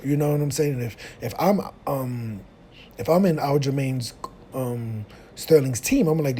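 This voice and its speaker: A man's voice: medium pitch, a little mellow, a little hiss or hum. A man talking casually through his views as a solo commentator, rambling with lots of fillers and restarts. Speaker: YouTube commentator.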